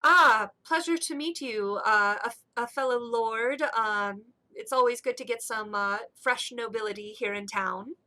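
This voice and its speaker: A woman's voice: a little high, measured pace, hardly any pauses, bright, forceful tone. A woman voicing a pompous, self-satisfied male town master who dismisses worries in a tabletop game.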